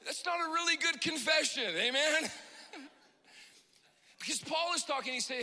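A man preaches an emotional sermon in a church. His voice sits high and rings sharp and bright, and it climbs into passionate shouts. Long hall reverb trails every phrase. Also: expressive, moderate pace, long pauses. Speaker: pastor.

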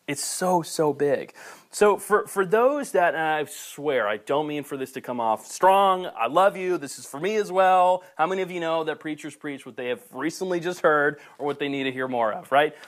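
Male pastor, higher register, fervent sermon delivery with casual, playful asides. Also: moderate pace. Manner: passionate, builds to near-shouting then softens. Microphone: camera recording.

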